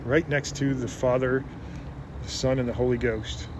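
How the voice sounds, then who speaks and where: A man's voice: medium pitch, flat delivery, moderate pace, background noise. A man giving an earnest, casual religious talk, retelling Bible stories with frequent restarts. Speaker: religious speaker.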